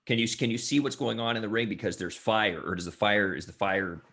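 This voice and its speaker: Low-voiced man asking a quick question. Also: steady tone, a bit bright. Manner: reacting with short interjections. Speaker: podcast co-host. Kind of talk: casual chat.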